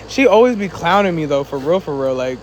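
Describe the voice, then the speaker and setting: A man with a high voice talks loosely to viewers on a phone live stream. He is chatty and a little winded, laughing as he reads their comments. A faint hum of air conditioning sits behind him. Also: low-quality recording. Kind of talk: casual live-stream chat reading comments.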